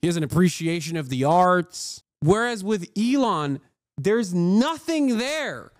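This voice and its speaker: A man's voice: high-pitched, sing-song, measured pace, no room sound, clean studio sound. A male streamer giving live reaction commentary in a profane, sarcastic, ranting manner. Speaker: streamer, host.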